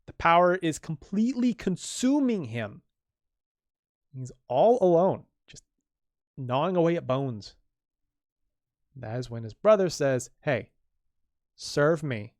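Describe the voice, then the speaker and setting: A man's voice: fairly high pitch, very animated, a little slow, long pauses, darkish tone, no room sound, studio quality. A man, a comic creator, casually reading his own comic aloud and explaining the panels, chatty and full of restarts.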